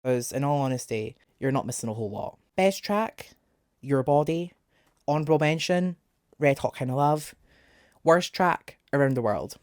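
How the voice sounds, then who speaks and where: A man's voice: mid-range voice, lively intonation, normal speed, a little mellow, no echo, clean studio sound. A young man talking casually as a music reviewer, sarcastic and exasperated, with jokey asides. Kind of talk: casual album review vlog.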